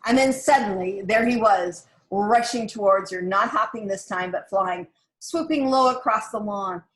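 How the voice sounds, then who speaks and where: A woman reads a children's picture book aloud with gentle expression. Her voice sits at a middling pitch for a woman. The pacing suits a story for young listeners. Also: moderate pace. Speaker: storybook reader.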